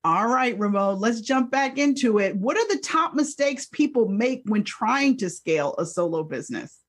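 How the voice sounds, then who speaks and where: A woman hosting a business podcast in casual interview chat, upbeat and quick to laugh. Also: fairly high pitch, animated. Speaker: podcast host.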